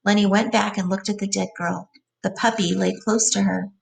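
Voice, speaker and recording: Gravelly-voiced woman reading a novel aloud to a class, explaining words as she goes. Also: medium pitch, flat delivery, moderate pace, distant mic. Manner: plain reading with side glosses.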